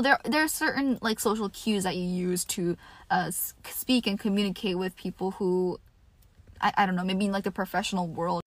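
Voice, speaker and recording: A woman's voice: medium pitch, no echo. A woman in her twenties hosting a podcast in a casual, chatty monologue full of "like" and "you know". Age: 20s. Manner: chatty, filler-heavy, frequent "like" and "you know". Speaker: podcast host.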